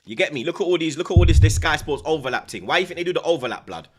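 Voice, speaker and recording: A man, a football streamer talking in a loud, swaggering rant full of repeated slang tags. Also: fairly high pitch, animated, racing, background noise. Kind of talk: casual boastful rant.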